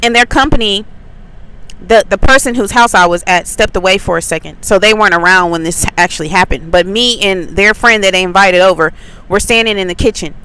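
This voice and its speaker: Woman, atlanta, chatty faith talk, lots of likes and ums, bright forceful voice, mid pitch. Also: brisk, smooth, low-quality recording. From Atlanta, USA. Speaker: faith channel host. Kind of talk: casual spiritual testimony.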